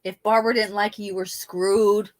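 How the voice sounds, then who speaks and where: A woman hosting a casual livestream, chatting in an animated way, laughing often and sometimes trailing off quietly. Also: medium pitch, moderate pace. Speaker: livestream host.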